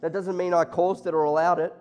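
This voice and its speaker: A man's voice: sits high, little pitch movement, a little fast, darkish tone, smooth. A man preaching a sermon to a congregation, impassioned, often acting out God and listeners in quoted lines. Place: church hall before a congregation. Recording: faint music behind.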